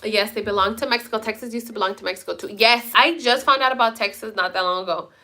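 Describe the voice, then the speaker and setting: A woman's voice: mid-range voice, fast talker, sharp tone. A young woman hosting a live stream, chatting casually and answering viewer comments in a blunt way, swearing freely and slipping into Spanish now and then. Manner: bilingual, slips into Spanish. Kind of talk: casual chat, reading viewer comments aloud.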